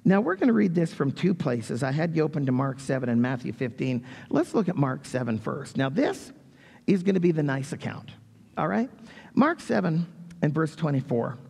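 A man preaching a sermon as pastor, reading scripture and retelling the story in a lively, dramatic way. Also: mid-range voice, gravelly, husky. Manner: reads scripture, then animated retelling with raised voice for quotes. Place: church sanctuary. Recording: long church reverb.

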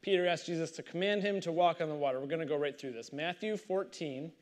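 Male pastor, slightly high voice, animated reading and sermon commentary. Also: quick pace. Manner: animated storytelling, reads scripture then comments conversationally.

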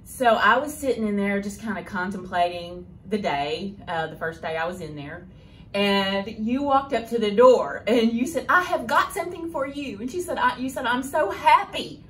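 A woman's voice: mid-range voice, moderate pace. Woman in her fifties, fond storytelling. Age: 50s. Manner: fond, chatty anecdotal telling with soft laughter. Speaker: school child nutrition director. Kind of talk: personal tribute message, storytelling.

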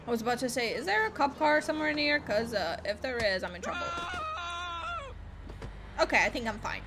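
A young woman commenting on her gameplay in a chatty, excitable way, swearing often. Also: on the high side, a little fast, background noise. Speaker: gaming video host. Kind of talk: live gameplay reaction commentary.

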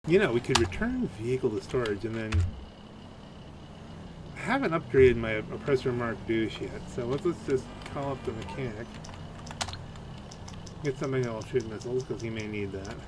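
A man's voice: mid-range voice, lively intonation, normal speed, pauses often, background noise. A man giving casual, playful let's-play commentary, goofing around with silly sound effects. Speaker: gaming channel host.

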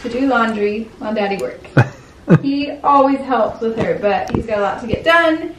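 A young mother talks casually to her camera at home, her voice high and light. She chats along and keeps breaking into cooing baby talk. A faint hiss sits under the recording. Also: expressive, normal speed. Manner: chatty, coos in a sing-song voice to her baby. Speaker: vlogger mom. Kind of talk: casual family vlog.

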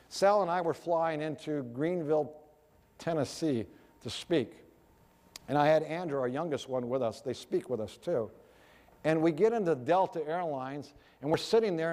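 A middle-aged man preaching a sermon, telling stories with animated, emphatic exclamations. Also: on the high side. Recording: long hall reverb.

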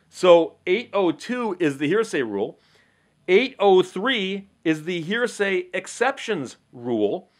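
Higher-voiced man explaining legal rules. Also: sing-song, slow pace. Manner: conversational, poses rhetorical questions, acts out courtroom exchanges. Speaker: legal commentator. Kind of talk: explanatory monologue to camera.

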